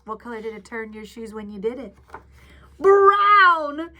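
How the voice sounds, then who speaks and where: A woman teacher reading a picture book aloud to children, animated and stopping to ask them questions. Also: mid-range voice, fast.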